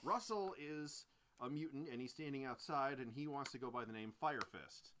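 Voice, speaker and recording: A man co-hosting a podcast, chatting casually as he recaps and reviews a film in a rambling, animated way. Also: medium pitch, normal speed, noisy background. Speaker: podcast co-host. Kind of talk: casual movie review chat.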